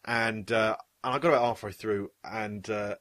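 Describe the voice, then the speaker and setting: A man's voice: lowish voice, fairly even intonation, normal speed, a bit bright. A man co-hosting a casual film chat, talking in a rambling, jokey way and often breaking off mid-sentence. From Britain. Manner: rambling, self-interrupting, jokey. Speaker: podcast co-host.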